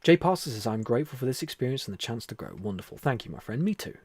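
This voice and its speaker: A man hosting a live stream, reading out viewer comments in a friendly, chatty way and calling people "buddy". He moves between a soft, near-whispered voice and louder talk, and laughs often. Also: mid-range voice, lively intonation, very fast, breathy edge. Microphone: headset mic with headphones.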